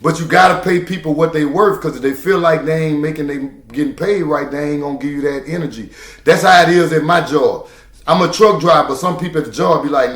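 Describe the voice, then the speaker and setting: A man's voice: fairly high pitch, brisk, fairly bright tone, reverberant. Emphatic man preaching to the camera. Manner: preachy, emphatic, repeats key phrases. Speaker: truck driver. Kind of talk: casual monologue to camera.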